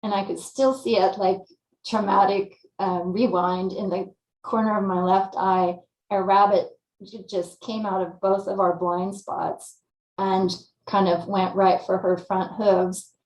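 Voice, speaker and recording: A woman from California, a guest telling her story in a lively, casual way and acting out her own thoughts. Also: mid-range voice, unhurried, echoey room, muffled recording. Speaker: interview guest.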